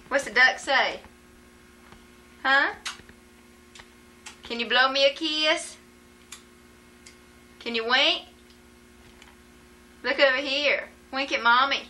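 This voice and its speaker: Bright, coaxing young mother's baby talk. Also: sits high, slight background noise, low-quality recording. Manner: coaxing, sing-song questions.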